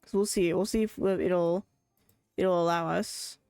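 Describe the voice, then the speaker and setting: A woman's voice: fairly low pitch, fairly even intonation, unhurried, a little mellow, clean tone, no echo, soft background music. Chatty woman streamer, dry close sound. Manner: chatty, rambling, laughs often. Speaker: game streamer. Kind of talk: casual live gameplay commentary.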